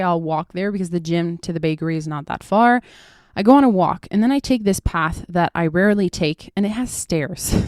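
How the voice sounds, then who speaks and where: A woman's voice: fairly low pitch, a little mellow, clear, resonant tone, no room sound, studio quality. A young woman hosting her own podcast, chatting candidly and casually about spirituality and daily life, with lots of fillers and casual swearing. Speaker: podcast host.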